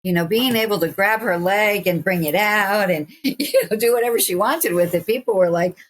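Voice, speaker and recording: A woman in her sixties, a guest on an interview podcast, who tells stories in an animated way, laughing often and acting out what people said. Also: medium pitch, moderate pace. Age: 60s. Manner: animated, acts out quoted voices, laughs often. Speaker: guest, stretching teacher. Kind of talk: casual interview storytelling.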